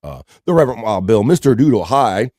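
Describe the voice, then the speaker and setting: A man's voice: lowish voice, very animated, fairly quick, mellow, dry recording, studio quality. A man hosting a casual live-stream show, reading out viewer comments and greeting them by name. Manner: reads out chat messages and greets viewers by name.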